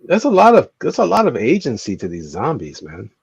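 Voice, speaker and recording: A man in a casual group chat, wry and quick to laugh. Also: mid-range voice, wildly swooping pitch, gravelly, husky, dry recording, dull audio.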